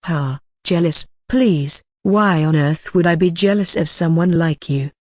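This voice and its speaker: A narrator reading the part of a proud, quick-tempered young heir who sneers at his brother, in a level storybook voice. The sound is dry and close, with no room around it, and the pitch sits in a middle range. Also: a little mellow, dry recording, lightly acted. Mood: scornful. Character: arrogant, hot-tempered young male heir.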